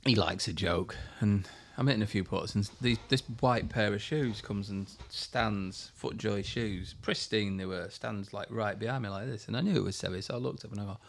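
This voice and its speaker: Man in his fifties, low voice, animated storyteller guest. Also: normal speed, vocal fry, hardly any pauses, a little hiss or hum. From England. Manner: animated anecdotes, acts out voices. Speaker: golfer guest. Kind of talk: storytelling interview.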